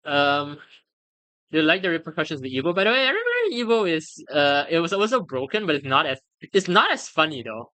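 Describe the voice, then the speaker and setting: Medium in pitch and a little fast, an excitable streamer's voice tumbles into stammers and fresh starts when flustered, amid frequent laughter and free cursing during a live reaction. The close, dry recording has no room sound.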